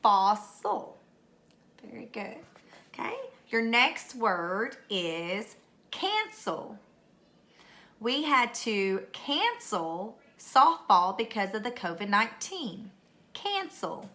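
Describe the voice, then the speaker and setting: Middle-aged woman teacher, bright tone, unhurried, patient dictation of spelling words. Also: a little high, very animated. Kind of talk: recorded spelling lesson. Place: home.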